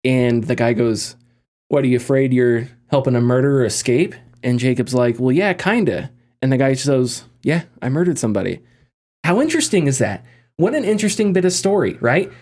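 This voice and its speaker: A man talking casually on a gaming podcast, animated and rambling, often restarting his sentences. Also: medium pitch, a little fast. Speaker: podcast host.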